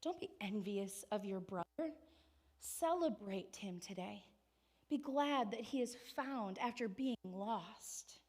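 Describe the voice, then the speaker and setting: A woman voicing an old father who shouts with joy, then speaks softly and gently to his son. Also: medium pitch, expressive, slow pace, voice pushed down. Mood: gentle. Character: elderly father, overjoyed then tender.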